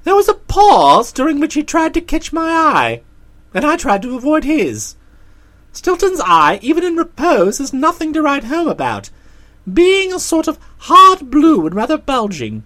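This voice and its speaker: A woman narrating a comic story in an audiobook, with lively storytelling. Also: high voice, normal speed.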